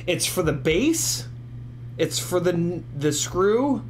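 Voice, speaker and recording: Tipsy, rambling forties man hosting a casual stream; slightly raised pitch, light background hum. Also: very animated, slow pace. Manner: rambling, profane, ranting, laughs often. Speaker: FPV drone livestream host. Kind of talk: casual livestream chat.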